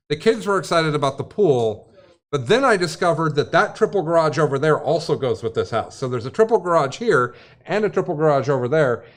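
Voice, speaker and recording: A man hosts a gaming livestream in a loose, rambling way, cracking jokes while he fills time. His voice sits a touch higher than most men's. The talk is casual and unscripted. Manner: rambling, jokey, filling time. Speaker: stream host.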